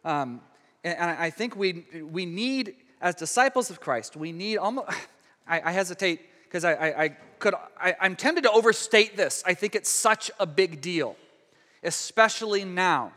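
A man with a high, bright, ringing voice preaches a sermon, talking it through casually with many restarts. He swells for big moments and sinks to a near hush for quiet ones. A long reverb trails after him in a large hall. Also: expressive, normal speed. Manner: conversational preaching with frequent restarts, dramatic hushed drops. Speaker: pastor.

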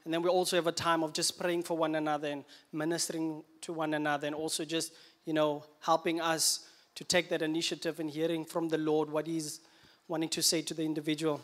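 A man's voice: on the high side, a little fast. A man from Namibia, an enthusiastic youth leader speaking at a church service. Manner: enthusiastic, upbeat, energetic. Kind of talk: church announcement interview.

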